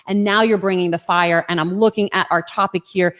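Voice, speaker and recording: A woman's voice: lowish voice, fairly even intonation, fairly quick, a bit bright. A woman hosting an online webinar, enthusiastic and chatty, telling a story to introduce her guest. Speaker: webinar host.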